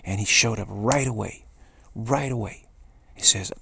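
A man's voice: lowish voice, unhurried, gravelly, fairly bright tone, breathy edge. A man giving an earnest spiritual talk, repeating key phrases and restarting sentences as he goes. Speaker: spiritual speaker.

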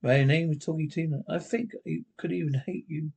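A man voicing a menacing talking doll, gravelly. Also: fairly high pitch, fairly even intonation, fairly quick, a little mellow. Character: sinister talking doll, small girl toy.

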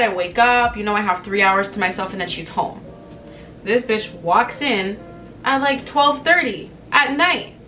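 A woman's voice: fairly high pitch, far from the mic. A woman in her twenties, a vlogger talking candidly to camera in a casual, chatty way and acting out what people said. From Canada. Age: 20s. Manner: chatty, candid storytelling with lively quoted voices.

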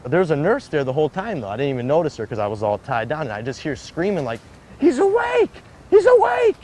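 Animated and quick, a man with a medium-pitched, slightly mellow voice recounts his own story amid slight background noise and music. The casual interview finds him rambling, using lots of fillers and dramatizing what others said.

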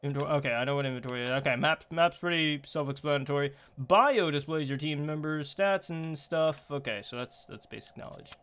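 A man's voice: on the high side, brisk, few pauses, fairly bright tone, clear, resonant tone. A man streaming a game, reading its text aloud and answering viewer chat in a rambling way with many fillers and restarts. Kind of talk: casual live-stream chat while playing.

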